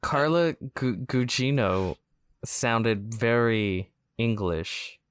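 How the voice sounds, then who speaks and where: A man's voice: medium pitch, lively intonation, extremely slow, smooth. A man from the United States co-hosting a podcast, joking sarcastically and swearing casually. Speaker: podcast co-host.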